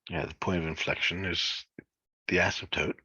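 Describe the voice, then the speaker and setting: Deep raspy guy muttering thru math problems out loud, dull lo-fi mic. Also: fairly even intonation, no room sound. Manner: thinking aloud, halting and muttered. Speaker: math instructor. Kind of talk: working through homework solutions.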